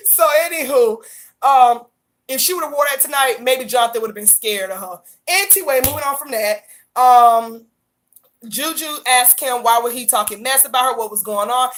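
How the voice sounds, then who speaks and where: Young woman vlogger, high voice, rapid blunt profane gossip recap, frequent laughter. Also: fairly bright tone.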